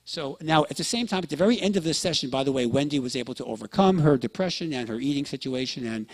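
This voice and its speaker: A man's voice: mid-range voice, expressive, fast. A man giving a lecture to an audience, telling stories and often checking in with listeners. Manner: storytelling, acts out quoted dialogue; addresses listeners with frequent check-ins.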